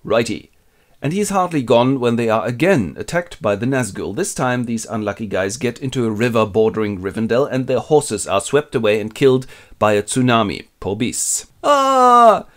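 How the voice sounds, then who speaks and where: A man with a German accent telling a fantasy epic as a quick comic retelling, narrating and jumping into character voices. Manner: playful, switches into squeaky voices for characters.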